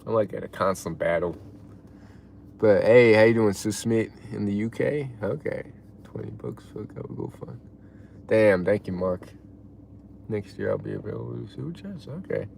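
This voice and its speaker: A man live-streaming and chatting casually, reading out chat messages in a laid-back way and reacting loudly to donations. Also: lowish voice, expressive, moderate pace, gravelly, slight background noise.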